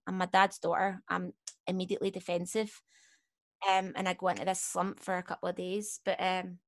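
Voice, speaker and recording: A woman's voice: on the low side, completely flat delivery, brisk. A young Scottish woman chatting candidly as a podcast guest, rambling and correcting herself as she goes. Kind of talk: casual chat.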